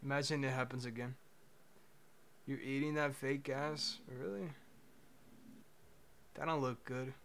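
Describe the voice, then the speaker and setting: A man's voice: mid-range voice, fairly even intonation, unhurried, long pauses, a bit bright, slight background noise. A young man streaming casually, laughing, swearing and telling a chatbot to move on. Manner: laid-back, laughing, swearing, impatient with the bot. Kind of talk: casual livestream chat.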